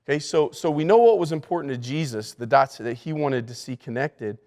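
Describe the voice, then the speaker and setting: Pastor teaching in an echoing hall. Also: male voice, mid-range voice, a little fast, darkish tone. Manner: emphatic, repeats key words, frequent restarts. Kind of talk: leadership lesson to church staff. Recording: long hall reverb.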